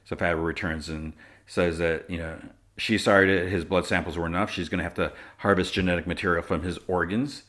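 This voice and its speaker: A man's voice: low voice, steady tone, brisk, a bit bright. A man hosting a podcast, casually recapping a TV episode and quoting the characters' lines in his own voice. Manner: retells scenes, quoting lines in his own voice, with fillers and laughs. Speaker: podcast host.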